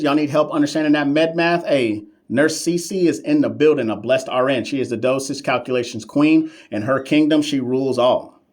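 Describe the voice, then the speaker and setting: A man runs a live-stream lesson on nursing exam questions. He is sassy and playful, answers viewers' comments directly, and leans on slang and emphatic repetition to drive points home. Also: mid-range voice. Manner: sassy, playful, talks back to chat.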